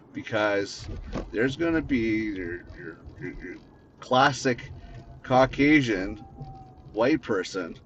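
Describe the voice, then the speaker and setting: A man's voice: mid-range voice, fairly bright tone. Man from Canada, podcast host, angry profane rant from the driver's seat; dull lo-fi audio with faint car noise. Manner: angry, profane, repetitive ranting. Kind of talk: unscripted ranting monologue. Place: inside a car, driving.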